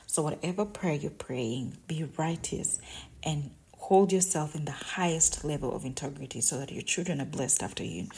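A shy, soft-spoken woman hosting a devotional Bible-reading podcast, emotional and often laughing as she talks, recording while on vacation. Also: low voice. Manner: shy, introverted. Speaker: podcast host. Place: vacation lodging.

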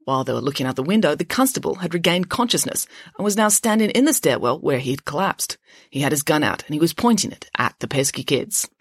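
A woman author narrating her children's adventure book aloud with an expressive storytelling manner. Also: deep voice, fast, breathy edge, dry recording. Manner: lively, expressive reading. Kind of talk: storybook narration with character voices.

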